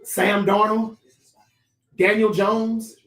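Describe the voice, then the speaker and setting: A man hosting a casual sports talk livestream, chatty and animated, reading viewer comments aloud and talking straight to his chat. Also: high voice, drawn-out words, echoey room, distant mic, poor audio.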